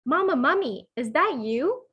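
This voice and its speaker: Woman reading small boy mummy, storybook, stubborn, slow and high. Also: animated, a bit bright, dull audio. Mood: calling, insistent. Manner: insists, calling out.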